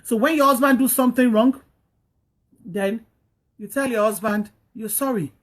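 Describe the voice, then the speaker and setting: This is casual, preachy marriage advice for an online audience from a woman with a fairly high pitch and moderate pace. She repeats her points earnestly and acts out quoted speech showing what couples should say.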